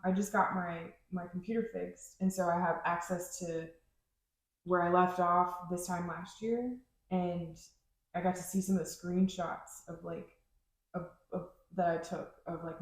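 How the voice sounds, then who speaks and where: A woman hosting a podcast chats casually, rambling and searching for her words with lots of fillers. Her voice is lowish and steady, and her pace unhurried. The room sounds very echoey.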